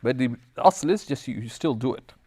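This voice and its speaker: Speaking a little fast in a mid-range voice with a breathy edge, an Islamic teacher leads a religious class in a recorded lecture. He reads passages in Arabic and explains them in English, weaving in personal stories. He has a lively manner, shifting between the languages and briefly acting out dialogue during his anecdotes.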